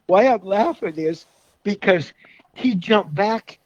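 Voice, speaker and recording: A man with a high, expressive voice, a guest from a car club, tells folksy stories slowly and casually, often laughing at his own tales. The audio is lo-fi with no room sound.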